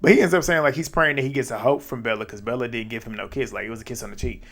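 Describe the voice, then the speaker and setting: A man's voice: mid-range voice, creaky, fairly bright tone. Chatty man recapping a reality show. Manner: chatty, laughs often, drops quick asides. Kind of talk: casual episode recap.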